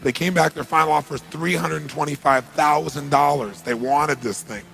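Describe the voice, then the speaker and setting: A man with a slightly high, gravelly voice gives a motivational talk as a story. He speaks with animation and stresses his points with rhetorical questions. Soft music plays behind him. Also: normal speed. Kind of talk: storytelling speech.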